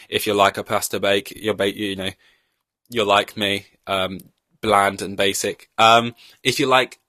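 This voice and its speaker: A young man talks on his podcast in a low, easy voice, wandering through long-winded comparisons and joking at his own expense. The sound is dry and close, with no room around it. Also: fairly bright tone, no echo. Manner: rambling, long-winded, self-mocking. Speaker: podcast host. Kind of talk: casual chat.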